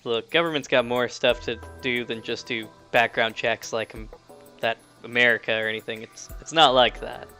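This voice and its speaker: A man's voice: medium pitch, steady tone, normal speed, bright, forceful tone, soft background music. A man as game master, casually improvising and narrating a tabletop game.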